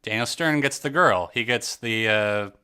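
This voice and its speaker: Man, podcast co-host, casual movie chat, sarcastic, rambling, lowish clear voice. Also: normal speed, pushed and bright. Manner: rambling, laughs often, sarcastic asides.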